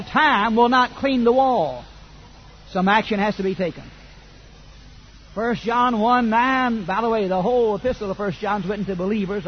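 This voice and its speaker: An older man, preaching a sermon that swings from quiet asides to loud fervent declaration. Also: high-pitched, muffled recording, slight background noise.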